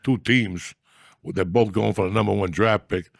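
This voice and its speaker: A middle-aged man hosting a podcast, talking in a rambling, profane, mock-gruff comic style. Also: lowish voice, steady tone, normal speed, no echo, studio quality. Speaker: podcast host. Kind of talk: casual comedic rant.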